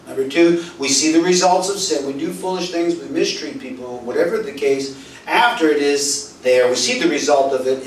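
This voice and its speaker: Pastor, male, preaching sermon, animated storyteller, distant mic in roomy hall. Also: medium pitch, slight background noise. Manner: storytelling, acts out quoted dialogue, swings from loud to soft. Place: church hall. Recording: roomy echo, voice from far off, faint ambience.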